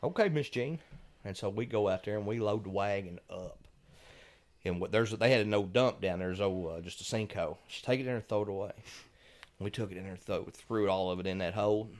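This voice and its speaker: A middle-aged man, telling lively stories as a podcast guest and chuckling at the punchlines. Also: lowish voice, brisk. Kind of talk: casual storytelling.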